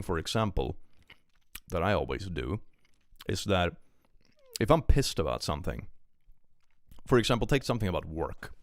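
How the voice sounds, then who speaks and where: A man's voice: deep voice, vocal fry, no room sound, clean studio sound. A young man reading online posts aloud on a live stream and ranting about them, swearing freely. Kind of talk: casual live-stream commentary.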